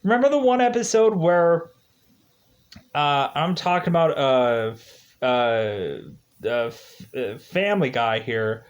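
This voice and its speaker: A man's voice: on the high side, animated, takes it slowly. Rambling, chatty man commenting on a game. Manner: rambling, chatty, laughs often. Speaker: gaming video host. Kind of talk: casual gameplay commentary. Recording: dull lo-fi recording.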